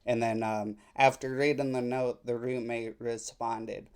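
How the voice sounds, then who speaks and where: A man hosting a casual political commentary, reading messages aloud and mocking them sarcastically, with halting restarts. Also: medium pitch, flat delivery, a little mellow, clear, resonant tone.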